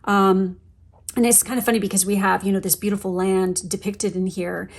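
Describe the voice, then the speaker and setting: A woman giving a pick-a-card tarot reading to her viewers. She talks earnestly and encouragingly, often checking in with a quick "okay?" and letting a casual curse slip now and then. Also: medium pitch, level tone, vocal fry. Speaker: tarot reader.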